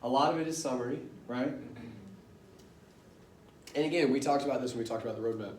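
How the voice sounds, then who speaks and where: Speaking quickly in a mid-range, darkish voice, a man leads a classroom lecture, keeping it conversational and quizzing students with questions. The audio is roomy and distant, with a bit of hiss or hum.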